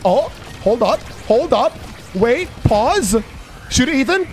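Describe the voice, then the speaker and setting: A man doing live gameplay commentary, cursing and excitedly trash-talking his teammates. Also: very high-pitched, slow, soft background music. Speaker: gaming YouTuber.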